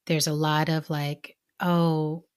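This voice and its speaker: A woman's voice: deep voice, steady tone, moderate pace, a bit bright. Chatty woman podcast host telling stories. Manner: chatty storyteller, many "like"s, bursts of laughter. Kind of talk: casual chat.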